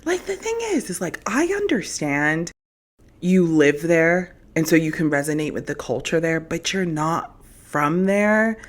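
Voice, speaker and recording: A woman's voice: deep voice, expressive, unhurried. A woman hosting a solo commentary podcast, sassy and incredulous, talking straight to her audience. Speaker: podcast host.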